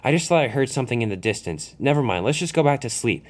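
A man's voice: medium pitch, lively intonation, fast talker, lightly acted. A man voicing a nervous, timid male toy diesel engine who stammers and hesitates. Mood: apologetic.

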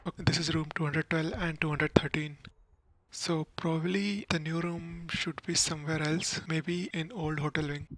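A man's voice: fairly high pitch, fairly even intonation, normal speed, fairly bright tone, slight background noise, low-quality recording. A man casually commenting on a game walkthrough, explaining each step plainly. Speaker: gaming channel host.

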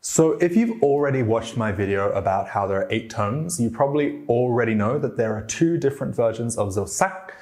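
A man's voice: mid-range voice, expressive, a little fast, hardly any pauses, darkish tone. A man teaching a language lesson, explaining tones and demonstrating them aloud. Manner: demonstrates tones by acting out sounds.

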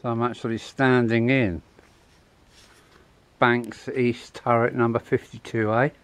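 A man's voice: medium pitch, little pitch movement, measured pace. A middle-aged man and truck driver, chatting casually in a rambling way while filming himself outdoors by a roadside and an old wall. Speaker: travel vlogger and truck driver. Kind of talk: casual travel vlog to camera.

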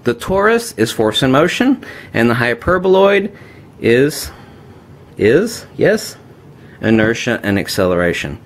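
A man's voice: medium pitch, sing-song, measured pace, long pauses. A man giving an unscripted, emphatic talk while demonstrating magnets, addressing viewers as kiddies.

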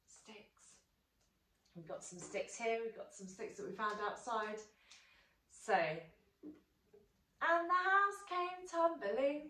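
A woman leads a toddler music session, singing her instructions and coaxing the children along. Her voice sits high and moves slowly. She is recorded from across a roomy, echoing space with ukulele music behind her. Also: fairly bright tone, slight background noise. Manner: sing-song, coaxing and encouraging. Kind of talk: sung movement session for toddlers. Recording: echoey room from a distance.

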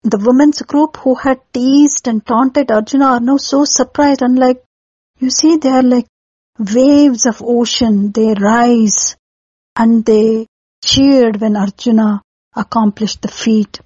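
A woman's voice: on the high side, fairly even intonation, slow pace, mellow, breathy edge, no room sound, highs cut off. Chatty woman telling an old epic. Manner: chatty, explains with everyday comparisons and acted cries. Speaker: storyteller. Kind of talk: casual storytelling narration for children.

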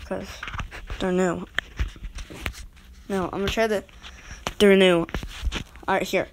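Casual woman creator, unhurried and rambling, mid-pitched, direct to viewers. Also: little pitch movement, a little hiss or hum. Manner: rambling, self-interrupting, talks to viewers directly. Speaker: video creator rating goal horns. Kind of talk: casual rambling vlog talk.

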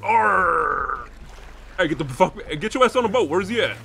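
A man's voice: sits high, very animated, rapid-fire, a bit bright, a little hiss or hum. A man streaming a game role-play as a pirate robber, brash and profane, throwing in growled pirate calls.

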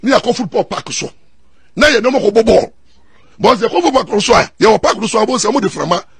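A middle-aged Ghanaian man and lawyer, telling stories in an excitable way, mixing Twi and English and repeating his words. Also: sits high, fast talker, gravelly, husky, no room sound. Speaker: lawyer and commentator. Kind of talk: animated storytelling talk.

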